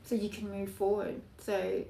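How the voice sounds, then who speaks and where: A woman giving a spoken tarot reading in an earnest, emotional way, with slow emphatic phrasing. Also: medium pitch, monotone, creaky, warm tone. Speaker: tarot reader. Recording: echoey room, voice from off-mic, background noise.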